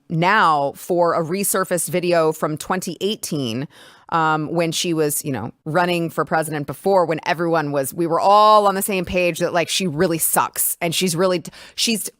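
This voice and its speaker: A woman's voice: fairly low pitch, fairly bright tone, no echo, studio quality. A woman hosting a political talk show, talking casually with emphatic, sarcastic remarks. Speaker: host.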